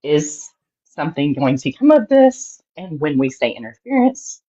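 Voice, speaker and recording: A woman's voice: sits low, sing-song, moderate pace, mellow. A woman calling in to a political talk show who speaks earnestly and thoughtfully, searching for her words. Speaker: caller. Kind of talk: call-in discussion. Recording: dull lo-fi call line.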